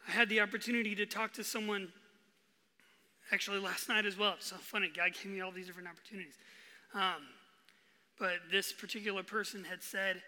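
A young man preaching a sermon, telling stories in an animated way and acting out his own frustration loudly. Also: high-pitched, a little fast. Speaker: pastor. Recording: long reverb of a large hall.

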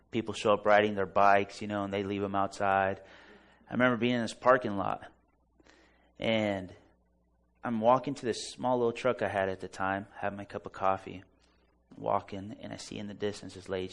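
A preacher telling an animated, self-deprecating story during a church service. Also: male voice, lowish voice, vocal fry. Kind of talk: storytelling sermon.

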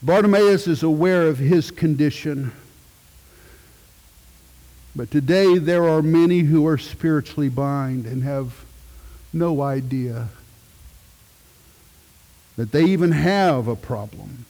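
A middle-aged man, a pastor, preaching a sermon with emphatic swells and hushed moments. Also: fairly high pitch, slow, long pauses, long reverb tail.

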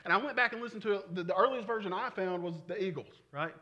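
High, forceful pastor. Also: male voice, fast talker, muffled recording. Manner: conversational, animated preaching with frequent chuckles. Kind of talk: sermon.

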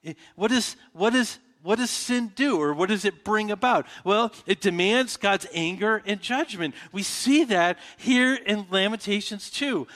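A man's voice: high voice, a little slow, few pauses, a bit bright. A man preaching a sermon as pastor, talking conversationally with frequent restarts and rhetorical questions to his congregation. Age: adult with children. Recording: reverberant hall.

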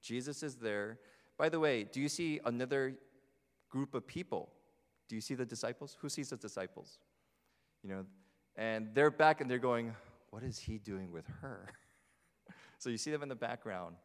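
Chatty preacher man in a reverberant sanctuary. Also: medium pitch. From New Jersey. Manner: chatty, asks the congregation questions. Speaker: pastor. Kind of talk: conversational sermon. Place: church sanctuary. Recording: long hall reverb.

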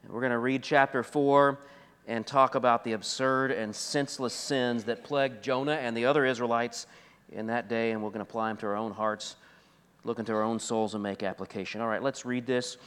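A man preaching an expository sermon as pastor, emphatic, swinging between loud declarations and quiet asides. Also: mid-range voice, fairly even intonation, a little fast, smooth. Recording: long hall reverb.

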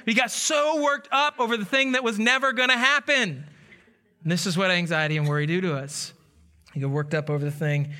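A man preaching with a high, bright voice. He tells stories as he preaches and acts out the voices of the people in them. He sounds like a pastor in his thirties. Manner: storytelling with animated quoted voices. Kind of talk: sermon.

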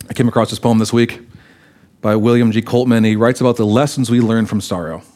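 A man's voice: fairly low pitch, fairly even intonation, a little fast, darkish tone. A man, a pastor, preaching a sermon and reading scripture aloud expressively, acting out the quoted lines.

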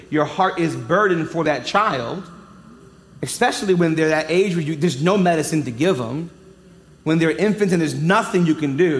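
A man's voice: a little high, slight background noise. A man in his thirties preaching a sermon with emphatic delivery and joking asides. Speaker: pastor. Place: large church hall. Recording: echoey hall, long reverb.

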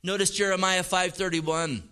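A man's voice: high voice, steady tone, moderate pace, bright, forceful tone, smooth. A man preaching a sermon as pastor, emphatic and casual, with slang.

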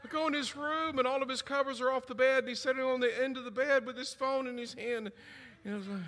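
A middle-aged man preaching a sermon, telling stories and acting out family voices with big swings in pitch. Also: fairly even intonation, quick pace, fairly bright tone. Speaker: pastor. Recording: long hall reverb.

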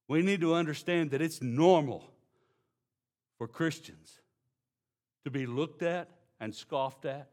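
A man with a Texan accent preaching a sermon, dropping to slow, hushed emphasis and then building into loud, excited storytelling. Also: on the high side. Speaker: pastor.

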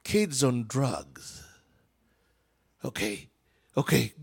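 A man preaching a sermon in a church with a Ugandan accent, swinging between shouts and whispers and acting out the people in his story. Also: a little high, slow. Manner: animated, swings from shouting to whispering, acts out voices.

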